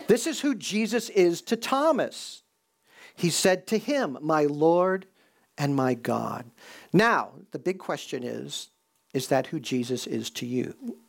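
Gravelly-voiced man preaching a sermon. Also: medium pitch, a little mellow. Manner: conversational preaching, slows for emphasis. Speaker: pastor.

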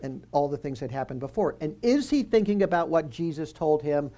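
A man's voice: fairly high pitch, animated, fairly quick, dark tone. A man giving a conversational Bible teaching. He quizzes his listeners and drops joking asides as he walks through the passage.

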